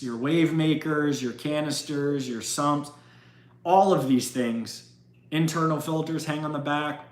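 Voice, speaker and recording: Man, aquarium host, slow unhurried delivery, slightly high voice, emphatic, echoey room. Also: fairly bright tone. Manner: emphatic, chatty, frequent restarts. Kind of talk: casual livestream chat.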